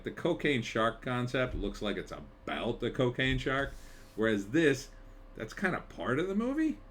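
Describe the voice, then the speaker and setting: A man with a lowish voice talks through a movie trailer in loose, offhand commentary. His pitch swings widely as he rambles and tosses in wry asides. A faint hum of ambience sits behind him. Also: fairly bright tone. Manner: rambling, conversational, with frequent fillers and wry asides. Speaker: screenwriter reviewing a trailer. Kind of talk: casual commentary.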